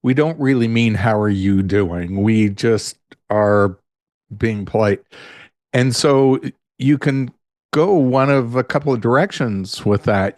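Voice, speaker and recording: A male therapist speaks in a calm, measured way, walking through options at an unhurried pace. His voice sits in an ordinary middle register. The recording is dry and close. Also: mid-range voice, dry recording. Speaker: family therapist guest. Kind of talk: conversational advice.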